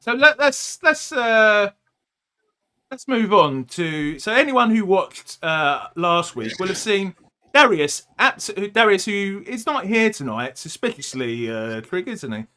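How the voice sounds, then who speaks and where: A middle-aged man from the United Kingdom co-hosting a podcast stream, chatting in an animated, jokey way and often talking over his co-host. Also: high voice, measured pace. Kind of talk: casual chat on a live stream.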